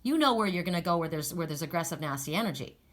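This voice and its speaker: A woman's voice: lowish voice, expressive, fast. Older woman, oracle card reader, casual chat, rambling, many restarts. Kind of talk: casual spiritual card reading.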